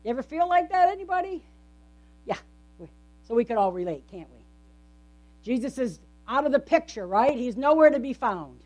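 A woman pastor delivers a conversational sermon in a church, often putting rhetorical questions to the congregation. Her voice sits high and is very animated, with a darkish tone, a moderate pace, and long pauses.

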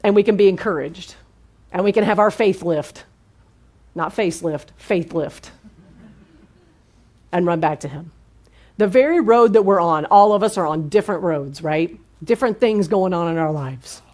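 A woman preaching in a relaxed, conversational way. She keeps checking in with the room through quick questions. Her delivery stays lively and engaged. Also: on the low side. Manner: lively, asks the audience questions. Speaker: pastor. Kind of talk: conversational sermon.

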